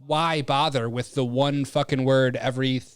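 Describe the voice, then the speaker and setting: A man's voice: medium pitch, steady tone, moderate pace, smooth, no echo. A man co-hosting a casual podcast review, rambling with lots of fillers and swearing freely. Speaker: podcast co-host.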